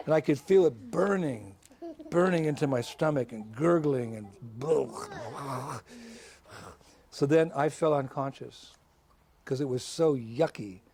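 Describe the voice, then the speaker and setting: A man, a visiting swami, telling a story to schoolchildren in a lively way, laughing and bursting into shouts and chants. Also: mid-range voice, slow pace, pauses often, background noise. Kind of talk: animated storytelling.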